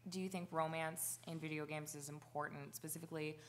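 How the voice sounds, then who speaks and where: A woman's voice: sits low, little pitch movement, a little fast, slight background noise. A woman moderating a convention panel, chatty and playful, laughing often. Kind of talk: panel discussion, casual.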